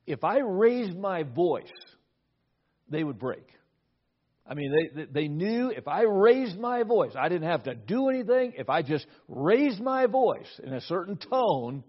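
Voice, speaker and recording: A middle-aged man delivers a sermon, his husky voice sitting a bit high for a man. He tells a personal story, often repeating words as he starts a thought. The recording sounds dull and lo-fi. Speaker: pastor.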